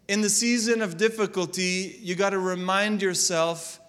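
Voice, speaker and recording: A man with a notably high voice preaching a sermon, reading scripture and then pressing it on his listeners. He swings from loud, stretched-out emphasis to low, hushed asides, and his words ring with the long reverb of a large hall. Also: unhurried, hardly any pauses. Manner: reads scripture aloud and applies it, shifting between loud emphasis and low quiet asides. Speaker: pastor.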